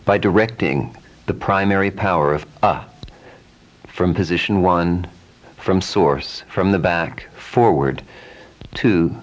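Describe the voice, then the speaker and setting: Calm male pronunciation teacher, deep and slow, drills vowels by repetition. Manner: calm, repeats vowel sounds many times in drills. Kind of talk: slow, deliberate pronunciation lesson.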